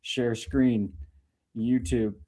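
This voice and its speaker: A man hosting a casual livestream chat, relaxed and laughing often, calling everyone "dude". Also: medium pitch, extremely slow. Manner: laid-back, peppered with "dude", laughs often. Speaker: host.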